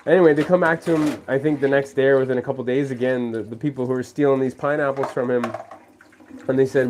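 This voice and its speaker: Standing at his kitchen sink doing dishes, a man hosts a casual faith vlog, rambling through a story and acting out the people he quotes. He talks fast, at medium pitch with fairly even intonation and a darkish tone, over slight background noise.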